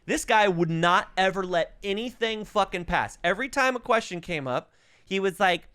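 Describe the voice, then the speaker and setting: Animated, profane male podcast host. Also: sits high, a little fast, smooth, dry recording. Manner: profane, animated, mimics voices in quotes. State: has covid, coughing. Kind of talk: casual comedic storytelling.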